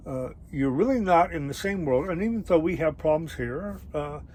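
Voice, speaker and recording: A middle-aged man casually telling a travel story, rambling and halting with many fillers and restarts. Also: a little high, expressive, darkish tone, a little hiss or hum, poor audio. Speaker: travel vlogger.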